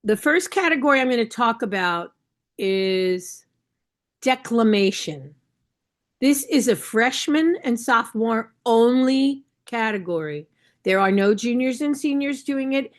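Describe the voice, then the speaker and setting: A woman's voice: fairly high pitch, expressive, measured pace. A woman coach training new judges over a video call, talking in a conversational, instructive way and often checking in with the listeners. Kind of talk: online training session.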